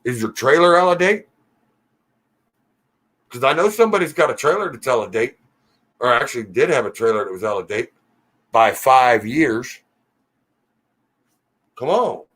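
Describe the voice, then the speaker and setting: A man hosting a casual live Q&A stream, reading viewer comments aloud and teasing regulars in a relaxed, joking way. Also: medium pitch, normal speed, pauses often, husky.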